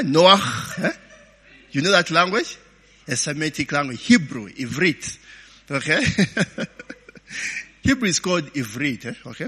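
A man delivers a sermon at an unhurried pace, his voice a bit high and bright. He keeps quizzing the congregation and tags his lines with "eh?" and "okay?". A long reverb trails his words. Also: husky. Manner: chatty, laughing asides, many "eh?" and "okay?" tags; call-and-response questions to the audience. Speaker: preacher.

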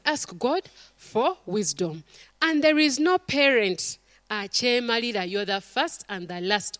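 A woman's voice: medium pitch, dry recording. A middle-aged woman, preaching a sermon to a congregation and acting out stories and quotes. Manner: animated storytelling, acts out quotes, calls to the congregation.

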